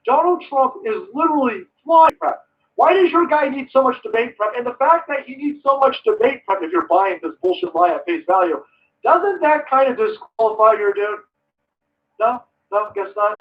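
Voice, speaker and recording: High-pitched male streamer, sarcastic and profane political ranter, recorded on a dull, distant mic. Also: expressive, brisk, a little hiss or hum. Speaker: live streamer. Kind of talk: ranting political commentary stream.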